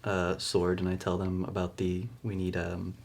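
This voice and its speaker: A man playing a tabletop game, describing his character's actions in an animated way, hesitating with fillers. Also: sits low, normal speed, creaky, a little hiss or hum. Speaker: player.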